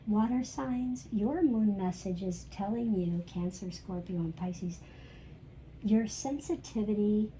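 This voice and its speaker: Chatty spiritual lady giving gentle reassuring advice, super mellow dark voice, bit of background hiss. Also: mid-range voice, rough recording. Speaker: spiritual channel host giving astrology messages. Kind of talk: casual spiritual guidance talk.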